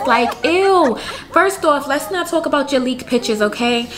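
A woman's voice: high voice, animated, normal speed. A woman casually commenting on her life-sim game in a chatty, slangy, giggly way. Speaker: gaming youtuber. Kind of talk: casual let's-play commentary.

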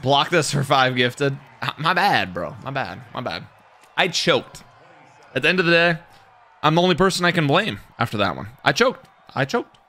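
Young guy streaming, super lively voice swinging all over, bright and sharp, yelling and trash talking at the game. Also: mid-range voice, moderate pace. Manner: hyped, cocky trash talk, yelling at the game. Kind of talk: live gaming stream commentary.

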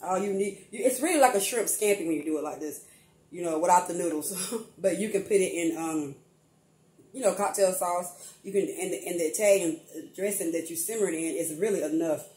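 An older woman runs a casual home cooking vlog, chatting with viewers as "y'all" while she cooks in her kitchen. Her voice is fairly low, brisk and darkish, picked up by a distant mic in an echoey room.

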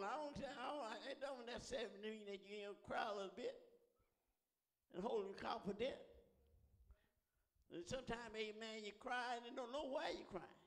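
A man, preaching a sermon as pastor, calling out to the congregation and often asking "huh?" in a call-and-response style. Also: high voice. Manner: preaching with rising calls and repeated "huh?". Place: church sanctuary. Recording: long church reverb.

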